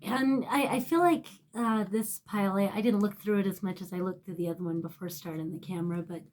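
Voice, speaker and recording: A woman reads tarot to camera in a loose, rambling way, with her voice at an ordinary middle pitch for a woman. She is emotional and swears freely, and she often sinks to a soft near-whisper. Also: expressive, moderate pace. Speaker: tarot reader. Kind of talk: casual tarot reading to camera.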